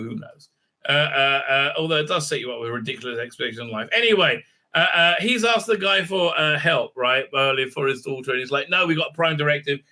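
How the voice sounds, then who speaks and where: A man's voice: a little high, pushed and bright. A man hosting a casual recap and review, rambling with many fillers and restarts and acting out the characters' lines. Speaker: host.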